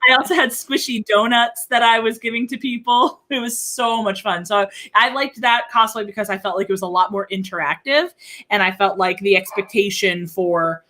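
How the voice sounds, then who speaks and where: A young woman chatting casually in an interview, bubbly and giggly with quick asides. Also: mid-range voice, fairly even intonation, bright, forceful tone. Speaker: game master.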